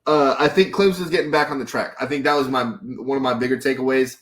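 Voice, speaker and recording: A man's voice: medium pitch, fairly even intonation, fast, fairly bright tone. A man co-hosting a sports podcast, casually steering the talk with questions and asides. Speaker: podcast co-host.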